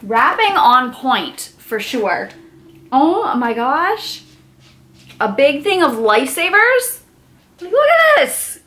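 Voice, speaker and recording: A woman's voice: high voice, fairly bright tone, a little hiss or hum. A young woman vlogger unboxing gifts, gushing with squealing exclamations. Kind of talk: unboxing vlog.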